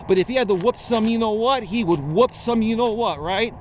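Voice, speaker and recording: A man's voice: high-pitched, fairly quick. Chatty man vlogging outdoors. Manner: animated, chatty storyteller who keeps adding "right?". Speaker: life coach. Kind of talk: casual walking vlog storytelling. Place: outdoors on a trail at night near a freeway. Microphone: phone on a selfie stick with a mini shotgun mic. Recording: outdoor traffic noise behind.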